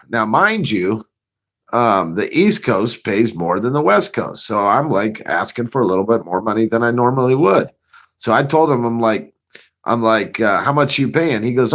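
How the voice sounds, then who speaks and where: Profane man telling a story. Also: on the low side. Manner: profane, laughing, animated retelling. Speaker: vlogger. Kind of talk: casual storytelling.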